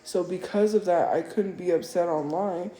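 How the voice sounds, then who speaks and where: In an echoey room with faint music behind her, a woman livestreams an emotional monologue. Her voice is low and warm, her pace moderate, and she repeats herself in an upset, defensive way.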